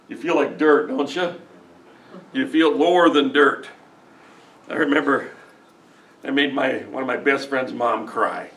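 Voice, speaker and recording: A man's voice: medium pitch, normal speed, pauses often, a bit bright. Middle-aged male pastor, earnest emotional folksy sermon delivery, mid-range voice, miked from a distance. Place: church sanctuary.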